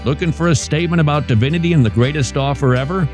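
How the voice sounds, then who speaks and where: A man hosting a radio show, teaching from the Bible with emphatic, dramatic preaching that swings suddenly in pitch. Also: quick pace, hardly any pauses, darkish tone, soft background music.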